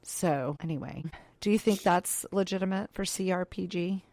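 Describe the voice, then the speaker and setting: This podcast co-host has a lowish, darkish voice at normal speed, recorded without echo. She chats casually and tells stories, acting out the quotes as she goes.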